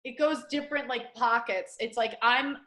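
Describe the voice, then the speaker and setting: A young adult woman from the Detroit area, a comedian telling a story on a podcast in casual chat, acting out quotes with big loud voices. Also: fairly high pitch, normal speed. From Michigan, Detroit area. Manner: animated storyteller, acts out quotes loudly. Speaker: comedian guest.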